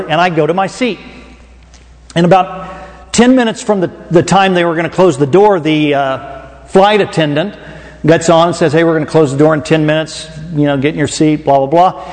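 Middle-aged Oklahoman preacher, slightly high voice, folksy storyteller, long hall reverb. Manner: folksy, conversational, jokes with the audience. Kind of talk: storytelling sermon.

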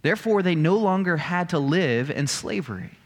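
Male pastor, slightly high, very animated pitch, sermon in a reverberant church. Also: normal speed. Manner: emphatic, rhetorical questions.

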